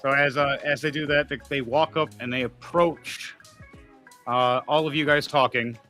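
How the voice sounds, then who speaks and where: A man narrating a tabletop game as game master in a casual, halting way with many restarts. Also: medium pitch, steady tone, sharp tone, faint music behind.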